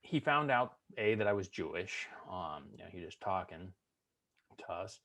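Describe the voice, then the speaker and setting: A man's voice: sits low, lively intonation, normal speed, a bit bright. A middle-aged man, a veteran, telling humorous stories in an interview and acting out the people in them. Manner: humorous storyteller, acts out drill instructor voices. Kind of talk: storytelling interview.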